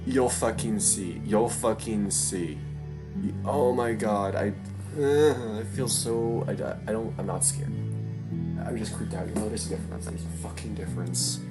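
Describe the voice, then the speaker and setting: A woman's voice: a bass voice, moderate pace, over loud music. A woman streaming a visual novel, reacting with profane, jumpy squeals and nervous rambling. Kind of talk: let's-play commentary.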